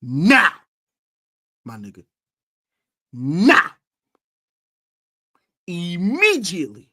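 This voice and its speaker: A woman hosting a sports podcast, delivering an exasperated, scolding live-streamed rant full of slang, swinging between loud outbursts and low muttering. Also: expressive, moderate pace.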